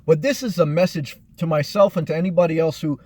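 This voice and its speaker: A man talks straight to the camera in a motivational vlog, earnest and unhurried. He circles back on his points with fillers and repeats key phrases for weight. His voice sits a little high, and the recording is dry and close with no room sound. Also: dark tone, no echo. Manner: earnest, repetitive, measured delivery with many fillers. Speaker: motivational vlogger. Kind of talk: reflective motivational monologue.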